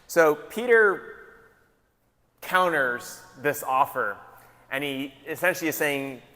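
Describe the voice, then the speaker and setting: A man, a pastor, giving a casual, joking sermon with lively retellings. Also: fairly high pitch, slow pace, big-room sound. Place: large hall.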